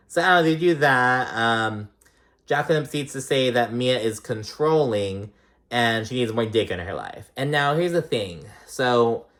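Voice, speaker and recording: Rambling, foul-mouthed recap vlogger. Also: mid-range voice. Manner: rambling, swears often, lots of "like" and "um". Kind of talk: casual recap commentary.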